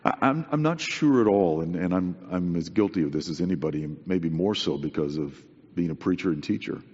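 With a deep, slightly rough, somewhat mellow voice, this preacher speaks fairly quickly and with animation. His sermon is earnest and conversational, and he repeats points for emphasis. The audio is dull, with a long reverb like a hall.

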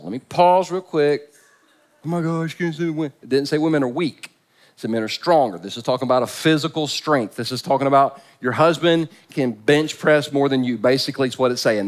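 Guy pastor preaching, jokey and emphatic, repeats himself a lot, voice sits a bit high. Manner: joking, emphatic, repeats phrases. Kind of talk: sermon.

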